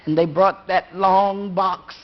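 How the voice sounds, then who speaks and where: A woman storyteller telling a ghost story to a live audience in a slow, dramatic rhythm with long pauses. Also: mid-range voice, steady tone. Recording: dull lo-fi live recording.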